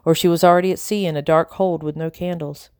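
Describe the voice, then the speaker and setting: A woman narrating a novel in the first person, measured and unhurried. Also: low voice, steady tone, a little mellow, clear, resonant tone, no echo, clean studio sound. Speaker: audiobook narrator.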